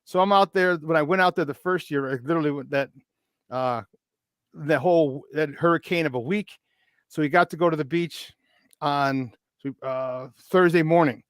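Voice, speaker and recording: A man in his fifties, a podcast guest telling a story in a chatty, animated way. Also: a little high, moderate pace, smooth, dry recording. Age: 50s. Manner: chatty, animated, with many restarts. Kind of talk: casual storytelling.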